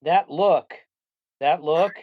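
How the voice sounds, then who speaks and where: A man with a somewhat high voice talks in an earnest, reflective way as a podcast guest. His voice comes through a tinny, phone-like line with a dry sound and no room echo. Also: takes it slowly. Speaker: sports journalist guest. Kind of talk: casual interview chat.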